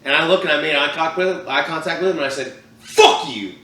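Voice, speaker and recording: A man co-hosting a podcast, telling crude stories in animated casual banter. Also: on the high side, racing, echoey room, distant mic, poor audio. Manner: crude, animated storytelling, swears a lot. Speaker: podcast co-host.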